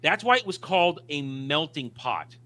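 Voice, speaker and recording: A man's voice: a little high, expressive, moderate pace, bright, forceful tone. A man co-hosting a casual film discussion, talking emphatically and opinionatedly with frequent restarts. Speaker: podcast co-host.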